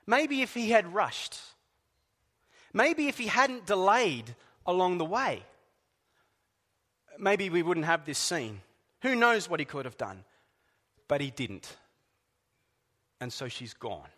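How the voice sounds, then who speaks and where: Male pastor, high voice, slow and emphatic sermon delivery, long hall reverb. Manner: deliberate, emphatic preaching with soft, hushed drops.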